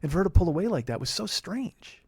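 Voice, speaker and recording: Fast-talking profane male storyteller. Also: sits high, sing-song, a little mellow, husky, no echo. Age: 40s. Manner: profane, heated, rambling. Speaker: podcast host. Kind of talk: confessional storytelling monologue.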